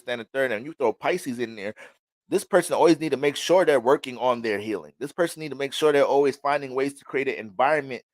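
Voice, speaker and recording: A male astrologer giving a casual astrology reading, animated and preachy, with heavy cursing. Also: medium pitch, no echo.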